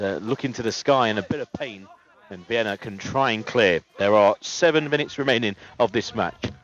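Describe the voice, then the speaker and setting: A man doing live play-by-play sports commentary, steady and detailed, with frequent "uh" fillers. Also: mid-range voice. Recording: lo-fi, muffled sound.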